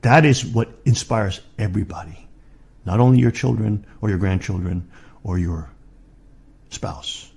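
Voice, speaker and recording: A middle-aged man preaching in a fiery rant, swinging from low muttering to shouted insults. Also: unhurried, creaky, pauses often, slightly rough.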